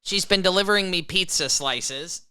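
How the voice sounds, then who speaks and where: A young adult man co-hosting a casual sports podcast, relaxed and quick to laugh. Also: high voice, crowd noise. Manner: laughs easily, relaxed banter. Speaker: podcast co-host.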